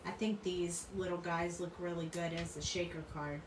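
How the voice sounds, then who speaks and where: A woman's voice: fairly low pitch, fairly even intonation, normal speed, background noise. Chatty woman crafter in an echoey room. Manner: chatty, rambling, laughs often. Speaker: crafting channel host. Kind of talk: casual chat while crafting. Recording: roomy room, mic at a distance.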